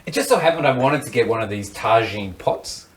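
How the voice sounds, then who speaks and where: An Australian man, a comedian, telling a rambling story in an animated way and acting out the other people's lines. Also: medium pitch, brisk, echoey room, recorded from a distance, a crowd in the background. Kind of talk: comic storytelling. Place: studio panel.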